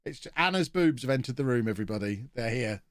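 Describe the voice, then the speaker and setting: A man's voice: mid-range voice, animated, quick pace, no room sound, studio quality. A man with a blocked nose, chatting and joking through a live-streamed game commentary as he reacts to his chat.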